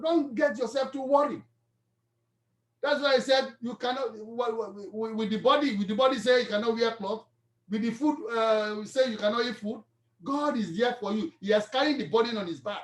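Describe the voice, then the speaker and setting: A man's voice: very high voice, fairly quick. A man with a Nigerian accent, a pastor preaching a sermon, telling a story and then exhorting the congregation. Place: church hall. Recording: echoey church hall.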